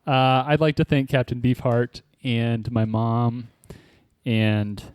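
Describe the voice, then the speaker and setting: A man's voice: mid-range voice, level tone, takes it slowly, a little mellow, smooth, dry recording. A man competing in a podcast trivia game, talking casually and joking around. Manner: joking mock acceptance speech. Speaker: quiz contestant. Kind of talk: casual chat.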